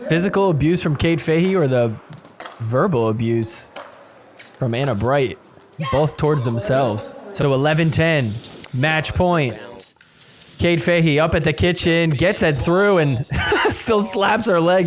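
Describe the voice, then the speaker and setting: A man hosting a podcast who reacts to sports clips with animated commentary, laughing often and putting on mock voices for the players. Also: fairly high pitch, measured pace, a crowd in the background. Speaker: podcast host.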